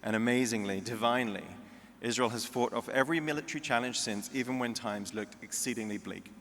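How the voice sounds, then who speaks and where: A British man with a medium-pitched, fairly bright voice speaks a little fast as he gives a convention speech full of anecdotes and jokes. The large convention hall adds a long reverb.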